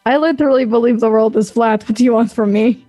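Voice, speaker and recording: Woman, fairly high voice, playful teasing role-play, light music underneath. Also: fast, mellow. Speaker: player voicing her character. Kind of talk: in-character tabletop role-play.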